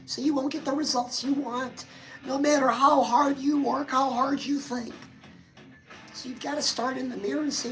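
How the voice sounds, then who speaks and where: A woman's voice: sits high, fairly even intonation, normal speed, soft background music, low-quality recording. A woman hosting a chatty motivational livestream, talking straight to her viewers and calling them girl. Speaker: livestream host.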